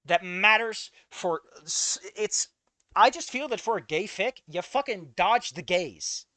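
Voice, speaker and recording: Man, bright lively voice, casual profane fan-fiction rant. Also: high voice, a little slow, dry recording. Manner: profane, exasperated ranting. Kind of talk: casual commentary reading a story aloud.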